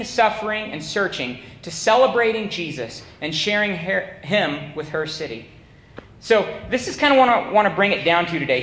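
A man preaching a sermon, energetic and often asking his listeners "right?". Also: high-pitched. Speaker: campus minister preaching. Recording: echoey room, slightly dull sound.

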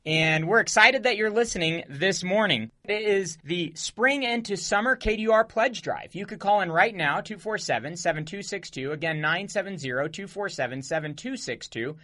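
Bright, eager radio host man. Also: sits high, animated, normal speed, hardly any pauses. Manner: eager, enthusiastic. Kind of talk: radio interview hosting.

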